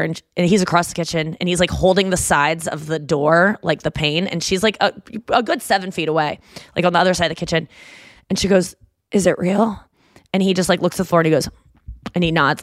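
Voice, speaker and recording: A woman's voice: lowish voice, steady tone, quick pace, dry recording. A young woman hosting a casual podcast chat, rambling with lots of fillers and acting out scenes she describes. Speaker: podcast host.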